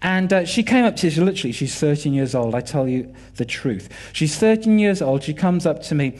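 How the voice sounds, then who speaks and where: A man's voice: a little high, expressive, a little fast, darkish tone. A British man in his forties giving a sermon, telling personal family stories and acting out quoted dialogue with animation.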